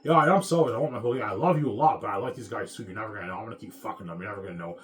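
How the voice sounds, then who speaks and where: A man's voice: on the low side, rapid-fire, a bit bright, lightly acted. A man mimicking his wife as a brazen, selfish, unfaithful young woman, with mocking sing-song taunts. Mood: taunting.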